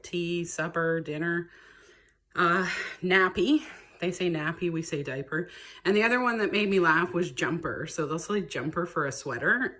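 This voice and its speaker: Low-voiced chatty woman. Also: a bit bright. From Canada. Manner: chatty and rambling, laughing often. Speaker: vlogger. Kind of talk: casual talking-to-camera vlog.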